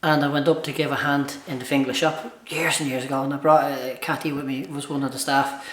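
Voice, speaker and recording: A man's voice: mid-range voice, flat delivery, brisk, a bit bright, slight background noise. A man with a Dublin accent, a shop manager telling stories in a casual podcast chat, joking and laughing often. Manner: jokey storyteller, laughs often. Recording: echoey room.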